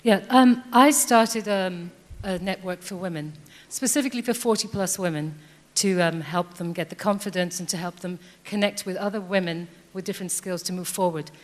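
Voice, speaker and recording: A woman's voice: lowish voice, normal speed, hardly any pauses. A woman in her fifties speaking from the floor at a debate, earnest and hesitant. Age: 50s. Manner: earnest, hesitant with many ums. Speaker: audience member. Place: large hall. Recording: long hall reverb.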